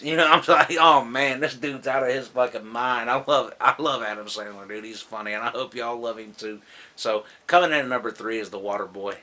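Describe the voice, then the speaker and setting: A man's voice: mid-range voice, brisk, sharp tone. A man who says he is drunk, casually counting down his favorite comedies in a loose, rambling, profane way, laughing often. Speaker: movie vlogger.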